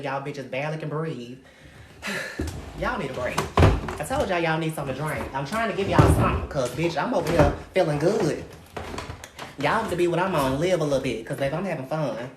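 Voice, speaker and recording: A woman's voice: sits low, brisk. A woman hosting her own livestream, delivering a brash, profane, sassy rant to viewers and calling everyone darling. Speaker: livestream host. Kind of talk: live-stream rant to viewers. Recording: roomy echo, faint noise.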